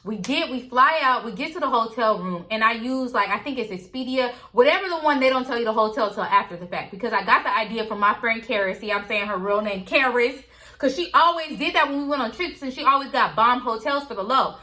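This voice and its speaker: A woman's voice: fairly high pitch, animated, brisk, sharp tone. A woman vlogger casually telling a story to her viewers, candid and chatty.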